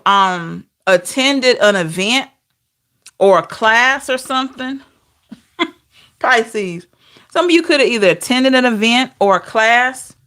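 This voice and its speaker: Chatty higher-voiced woman reading tarot. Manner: expressive, chatty, rhetorical questions, frequent laughs. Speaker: tarot reader. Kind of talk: casual tarot reading to camera.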